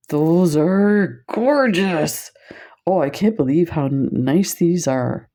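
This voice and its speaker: A woman's voice: on the low side, animated, extremely slow, warm tone. A woman presenting beads on camera in a casual chat, telling stories and laughing often. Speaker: bead shop video presenter.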